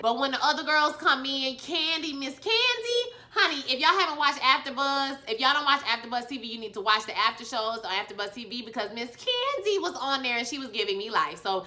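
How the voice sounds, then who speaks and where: A woman reviewing a TV episode in a casual vlog, sassy and animated, full of ballroom slang. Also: sits high, brisk, few pauses. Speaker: TV show reviewer.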